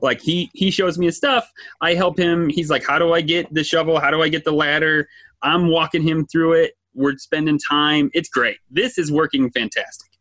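A man with a notably high voice, swept up in his own storytelling as a father, acting out scenes. The sound is close and dry, with no room around it. He swings his delivery up and down as he recounts things. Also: moderate pace, no room sound. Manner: animated storyteller, acts out his own yelling. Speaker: podcast co-host, father. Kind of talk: casual chat.

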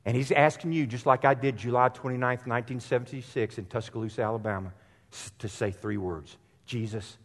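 Man, middle-aged preacher, hushed then loud, long church reverb. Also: mid-range voice, steady tone, a little fast. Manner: swings from hushed, near-whispered storytelling to loud, rising exhortation. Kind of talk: sermon. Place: church sanctuary.

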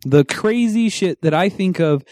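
A man co-hosting a podcast in casual chat, rambling and animated, correcting himself as he goes. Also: high voice, a little slow, dry recording, studio quality. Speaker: podcast co-host.

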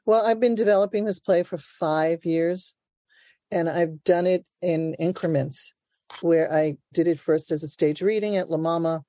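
A woman's voice: on the low side, normal speed, mellow, no echo, studio quality. An older woman from Brooklyn, a playwright and actor, talking animatedly in an interview and laughing often. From Brooklyn, New York. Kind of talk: conversational interview.

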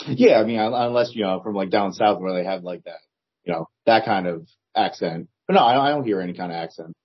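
A man with a New Jersey accent talks as a podcast guest in a lowish, husky voice. He answers hesitantly, circling back and repeating himself, and the audio sounds dull and lo-fi. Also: quick pace. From New Jersey, United States. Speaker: author guest. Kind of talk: casual interview chat.

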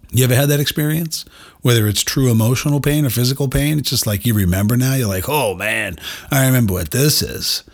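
A man's voice: mid-range voice, vocal fry, slightly rough. A middle-aged man hosting a podcast, telling a personal story in a candid, self-deprecating way and speaking straight to his listeners. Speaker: podcast host.

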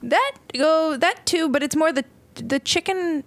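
A woman's voice: high voice, lively intonation, unhurried, fairly bright tone, dry recording. A young woman co-hosting a casual podcast chat, chatty and giggly, rambling through her stories. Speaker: podcast co-host.

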